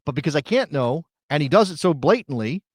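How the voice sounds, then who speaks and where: A man co-hosting a sports talk show, measured and analytical, speaking into a studio mic. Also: on the high side, sing-song, no room sound. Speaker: podcast co-host.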